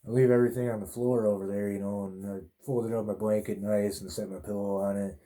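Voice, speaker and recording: Brief: male podcast host, low and very mellow, profane, laid-back rambling storyteller. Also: flat delivery, quick pace. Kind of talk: casual storytelling monologue.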